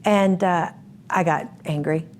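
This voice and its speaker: A woman recounts her past in a sit-down interview, her voice sitting low for a woman. She speaks emphatically, acting out what others said and repeating words to drive a point home. A faint noise hums behind her. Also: steady tone, slow, darkish tone. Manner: emphatic, acts out quoted speech, repeats words for effect. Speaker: interviewee telling her life story. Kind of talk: personal testimony in a sit-down interview.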